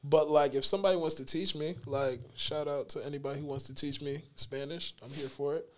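Man, slightly high voice, co-host, teasing slangy banter. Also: fairly even intonation, fairly quick. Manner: teasing, laughs often, loose slangy talk. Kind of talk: casual chat.

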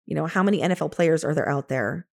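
A woman in her fifties, an interior designer and coach, telling stories from her career in an animated way, laughing often and acting out what she said to others. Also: low voice, fast, vocal fry. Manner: animated, laughs often, quotes herself in lively asides. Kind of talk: casual storytelling.

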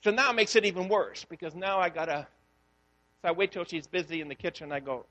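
Animated high-voiced pastor preaching. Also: male voice, quick pace, big-room sound. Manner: storytelling, animated, acts out dialogue. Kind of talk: sermon.

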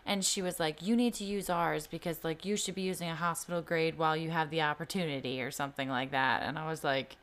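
A woman's voice: low voice, steady tone, fast, hardly any pauses, fairly bright tone. A young woman telling a personal story in casual podcast chat, candid and swearing freely, full of "like" fillers. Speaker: podcast co-host.

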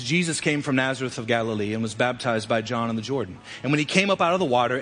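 A middle-aged man preaching a sermon, swinging between emphatic loud passages and quiet ones. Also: mid-range voice. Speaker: pastor. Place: church sanctuary.

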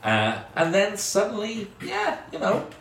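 Man performs a cheeky, rambly man returned from the undead, pitched up and lively, in a roomy room far from the mic. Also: measured pace, creaky, heavily acted. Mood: teasing. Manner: chatty, teasing, rambling. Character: cheeky middle-aged man back from the undead. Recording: roomy sound, distant mic, faint hiss.

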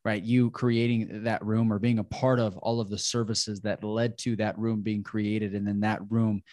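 A man's voice: fairly low pitch, little pitch movement, normal speed, darkish tone, dry recording, clean studio sound. A man hosting a podcast, talkative and affirming as he responds to his guest and asks questions. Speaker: podcast host. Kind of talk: casual interview conversation.

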